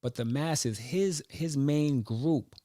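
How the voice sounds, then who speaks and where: Reflective man musing aloud, slightly high voice. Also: slow, dark tone, dry recording, clean studio sound. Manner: reflective, searching, with many restarts. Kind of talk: personal monologue.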